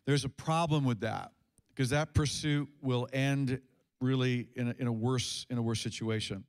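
Pastor, male, mid pitch, casual preaching full of restarts, delivers sermon to church congregation. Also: fairly even intonation, normal speed, clear, resonant tone. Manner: conversational preaching with fillers and restarts.

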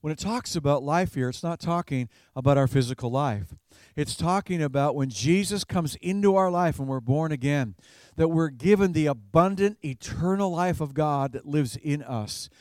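A male pastor gives a sermon in a relaxed, conversational style, his voice pitched a bit higher than most men's. He speaks at a moderate pace, laughs lightly at his own stories, and repeats words as he feels his way forward. The recording is dry and close, with no room echo.

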